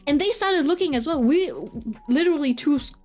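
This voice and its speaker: Woman streamer rambling thru a story, kinda high voice, lots of likes and rights, faint music behind. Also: expressive, fairly quick, darkish tone. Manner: rambling, filler-heavy, keeps checking in with "right?". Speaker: streamer chatting while drawing. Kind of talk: casual storytelling chat.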